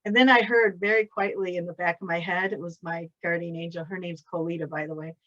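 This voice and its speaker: A woman hosting a spiritual talk. She tells a personal story in a chatty, excitable way, laughs often, and repeats herself. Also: fairly low pitch, quick pace. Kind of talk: casual storytelling chat. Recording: dull lo-fi audio.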